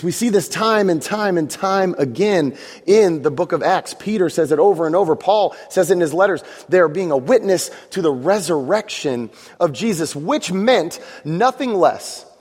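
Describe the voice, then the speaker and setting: A man's voice: high-pitched, a little mellow, husky, long reverb tail. A man preaching a sermon to a congregation, conversational and joking, asking the room for amens. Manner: conversational preaching with jokes and audience prompts. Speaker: pastor.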